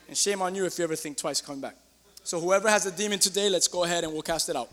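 A man preaching a sermon in church as pastor, excitable, swinging between loud outbursts and quiet asides. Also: sits high, racing, in a large hall.

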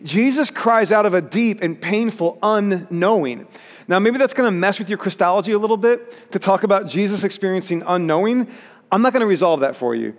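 A man's voice: high voice, fairly quick, big-room sound. A pastor preaching a sermon in an earnest way, rising to emphatic peaks as he reads scripture.

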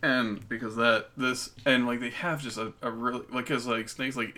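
A man co-hosting a casual TV recap podcast, relaxed, laughing often and using many fillers. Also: medium pitch, normal speed. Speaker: podcast co-host. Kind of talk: casual chat.

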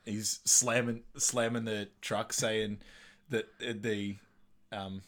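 A man's voice: on the low side, level tone, slow pace, a bit bright. A man co-hosting a casual podcast, chatting and laughing as he recaps a film. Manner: chatty, laughs often, acts out film quotes. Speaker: podcast co-host.

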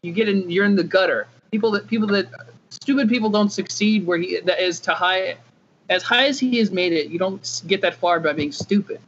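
A man's voice: high voice, brisk, fairly bright tone, a little hiss or hum. A man co-hosting a podcast, arguing his point insistently in casual chat. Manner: insistent, argumentative. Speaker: podcast co-host. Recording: dull lo-fi podcast audio.

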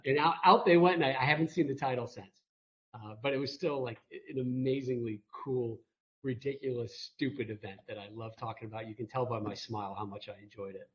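A man's voice: mid-range voice, fairly even intonation, fairly quick. A man telling a rambling, self-mocking story as a guest on a video call interview. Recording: muffled video call audio.

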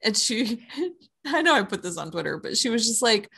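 A podcast co-host with a fairly high, creaky voice and a breathy edge chats casually at normal speed about films she has watched. She laughs a lot, tells stories with excitement, and mentions that she's tired and has a headache.

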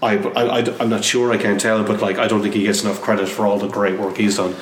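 A man's voice: lowish voice, level tone, fast. A man, a comic book artist, talking casually in an interview, hesitant and full of restarts and fillers. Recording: roomy echo, distant mic, faint noise.

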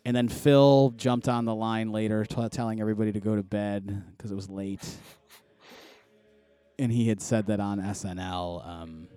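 A man's voice: on the low side, fairly even intonation, moderate pace, mellow, smooth. A man hosting a podcast, chatting loosely and rambling with lots of fillers and restarts. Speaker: podcast host. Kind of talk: casual podcast chat.

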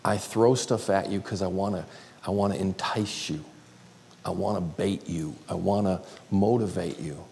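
A middle-aged male pastor preaching a sermon, swinging between loud exclaiming and whispered asides. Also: sits low, normal speed, vocal fry, a little hiss or hum. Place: church sanctuary. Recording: long hall reverb.

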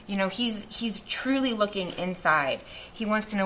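A woman's voice: mid-range voice, lively intonation, moderate pace, hardly any pauses, a bit bright, slight background noise. A woman speaking to a group as a missionary, giving an earnest, reflective faith testimony with many restarts.

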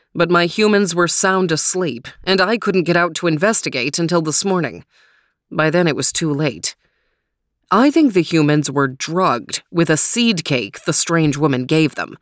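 A woman's voice: sits low, no echo, studio quality. A woman voicing a methodical male dog detective who reports his findings in formal, precise language.

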